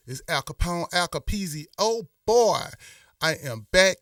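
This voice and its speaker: A man's voice: sits high, lively intonation, measured pace, fairly bright tone, no echo, clean studio sound, far from the mic. A middle-aged man hosts a live stream, talking in a rambling, impassioned way with many restarts. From Memphis. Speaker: host. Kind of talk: casual live-stream talk.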